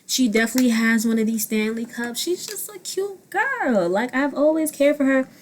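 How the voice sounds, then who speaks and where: A woman in her twenties giving blunt, profane commentary on a reality dating show, jumping between loud outbursts and quiet asides. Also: sits high, moderate pace. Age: 20s. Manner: blunt, profane and animated, swinging loud and soft. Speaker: vlogger. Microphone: own handheld mic.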